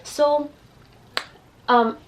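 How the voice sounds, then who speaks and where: A young woman telling a story to camera in a casual, profane, animated way. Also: high voice, drawn-out words, a little hiss or hum. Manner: animated, profane, acts out quotes in raised voices. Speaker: vlogger.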